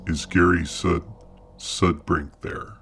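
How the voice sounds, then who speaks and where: A man voicing a mysterious alien caller in a slow, halting, mechanical monotone, as part of a dramatized re-enactment of a phone call. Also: sits low, gravelly, faint music behind, pitched below the performer's own voice, heavily acted. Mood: eerie.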